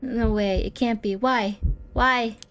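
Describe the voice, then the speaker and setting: A woman's voice: on the high side, fairly even intonation, slow pace, a bit bright, slight background noise. A woman reading the lines of a panicked young man in a horror game, frantic and pleading. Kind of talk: reading game dialogue aloud.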